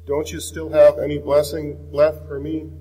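A man reading the part of a wronged elder son, a grown hunter, in a measured way. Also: a little high, monotone, dark tone, big-room sound, faint music behind, lightly acted, poor audio. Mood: pleading.

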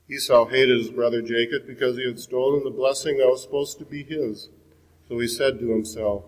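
A man reading a scripture passage aloud in a measured, solemn way. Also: medium pitch, fairly even intonation, long reverb tail, poor audio. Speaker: scripture reader.

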